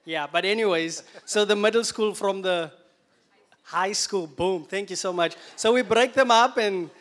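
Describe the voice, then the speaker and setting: A man's voice: high-pitched, a little slow. A man from Namibia, an enthusiastic youth leader speaking at a church service. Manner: enthusiastic, upbeat, energetic. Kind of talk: church announcement interview.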